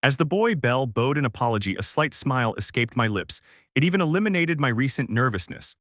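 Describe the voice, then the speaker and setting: A man narrating a fan story in an even, flat reading. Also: mid-range voice, fairly quick, dry recording, studio quality.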